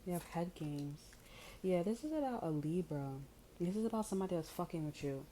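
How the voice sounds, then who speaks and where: Low, dark-voiced woman reading tarot. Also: lively intonation, a little fast, a little hiss or hum, low-quality recording. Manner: blunt, profane, chatty with many fillers. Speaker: tarot reader.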